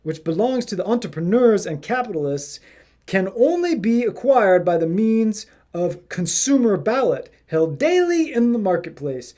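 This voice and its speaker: A hoity-toity English gentleman, as a man puts him on, pompous and drawn out. The voice sits higher than usual and reads slowly with lofty self-importance. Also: big pitch swings. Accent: English, put on.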